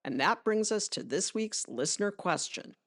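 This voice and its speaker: A woman hosts a sports podcast from a prepared script, at a middle pitch for her voice. She talks in a conversational way and leans on key points, turning now and then to speak straight to the listener. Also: lively intonation, moderate pace, fairly bright tone, soft background music. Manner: conversational and emphatic, with asides to the listener. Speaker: podcast host.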